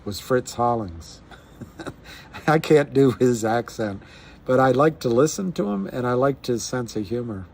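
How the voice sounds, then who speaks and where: A man chats through a casual live stream, rambling and restarting his sentences as he thinks aloud. He speaks at a slow, unhurried pace in a middle-pitched voice, over a faint background hiss. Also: expressive, vocal fry, a little mellow. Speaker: livestream host. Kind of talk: casual livestream chat.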